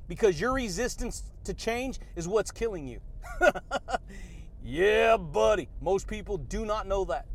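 A man giving an upbeat motivational talk, full of slangy asides and frequent laughter. His voice sits high for a man and stays lively throughout. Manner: energetic, slangy, laughs often. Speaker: podcast host.

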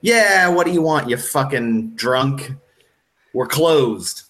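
A man's voice: medium pitch, lively intonation, takes it slowly, fairly bright tone, pitched above the performer's own voice. A man voicing an irritable male pub owner who snaps curtly at strangers. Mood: snapping. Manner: curt, snapping.

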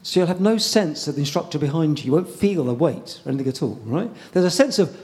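A man preaching a sermon in a conversational way, pausing often and repeating words as he goes. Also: a little high, expressive, darkish tone.

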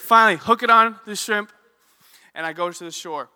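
A young man giving a sermon, telling a lively personal story and asking the audience questions. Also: high voice, quick pace, clear, resonant tone. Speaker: youth ministry director. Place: church hall. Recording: reverberant hall.

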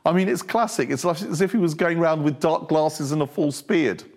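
A male preacher giving a humorous, animated sermon full of storytelling. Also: a little high, a little fast.

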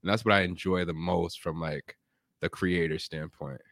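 A man's voice: low-pitched, moderate pace, gravelly, no room sound, studio quality. A man chatting as a podcast guest, telling stories and acting out the voices of people he quotes. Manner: animated storyteller, acts out quoted voices. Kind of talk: casual chat.

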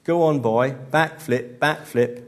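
A man's voice: medium pitch, takes it slowly, voice pushed up, close to an everyday voice. A man voicing a brash male stand-up comedian who bellows his jokes at a heckling crowd. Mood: bellowing.

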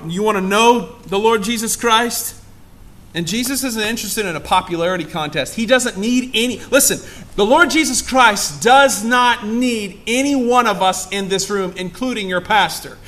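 A pastor preaching a sermon, full of emphatic rhetorical questions. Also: male voice, high voice, fairly bright tone.

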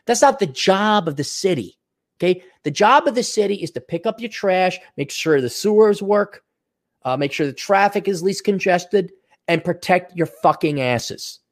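A man's voice: expressive, moderate pace. Guy ranting on his podcast, swears a lot, voice jumps all over the place, sarcastic. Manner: profane, sarcastic, mocks others in high mimicking voices. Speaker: podcast host. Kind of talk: ranting solo monologue.

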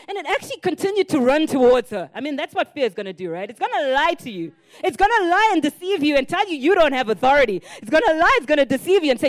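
A woman in her thirties preaching a sermon, telling stories in an animated way and rising to loud, emphatic declarations. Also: sits high, moderate pace.

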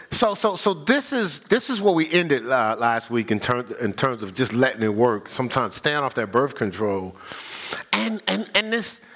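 Animated older male pastor preaching. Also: fairly high pitch. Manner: lively, humorous, laughing with the congregation; acts out voices of people he quotes. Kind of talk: sermon. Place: church sanctuary.

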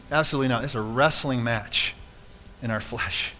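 A man's voice: medium pitch, moderate pace, pushed and bright, big-room sound. A man preaching a sermon to his congregation in a church, earnest and conversational, often asking rhetorical questions. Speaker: pastor. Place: church sanctuary.

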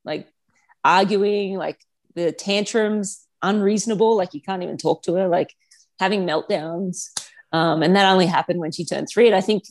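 A woman in her thirties speaks as a podcast guest, her voice sitting a little low. She talks in a relaxed, candid way, with plenty of fillers and restarts. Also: normal speed. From Australia. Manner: chatty, frank, many "like" fillers. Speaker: guest, professional triathlete and mother. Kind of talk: casual podcast conversation.

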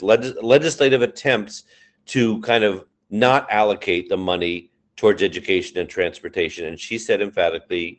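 Low-voiced earnest male advocate. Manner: earnest, many fillers and restarts. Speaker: guest, education union advocate. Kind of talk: interview answer, campaign advocacy.

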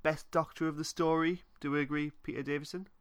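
A man co-hosting a casual podcast, recapping a plot in a relaxed way and often trailing off with vague wrap-ups. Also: on the high side, fast talker. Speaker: podcast co-host. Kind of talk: casual fan podcast chat.

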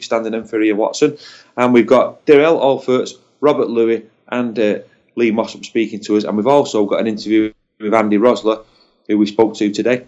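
An easygoing man co-hosting a podcast, his voice sitting at an ordinary middle pitch. He chats loosely, stumbling and repeating words before landing the thought. The audio is dull and muffled, a bit lo-fi. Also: darkish tone. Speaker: podcast co-host. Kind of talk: casual chat.

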